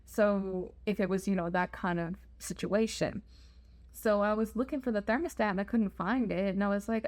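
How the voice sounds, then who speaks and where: A woman's voice: mid-range voice, fairly even intonation, normal speed, darkish tone. A young woman telling a travel story in a chatty, self-deprecating vlog. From United States. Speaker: travel vlogger.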